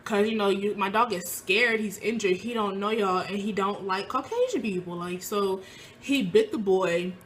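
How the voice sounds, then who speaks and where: A woman's voice: mid-range voice, normal speed, slight background noise. A young woman telling a personal story in casual speech, acting out what people said in a raised voice. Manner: animated, acts out quoted lines in a raised voice. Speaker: vlogger.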